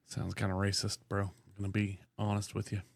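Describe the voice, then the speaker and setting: A man's voice: fairly low pitch, completely flat delivery, a little fast, creaky. Dry, skeptical man on a podcast. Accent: Oklahoman. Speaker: podcast co-host. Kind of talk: casual banter.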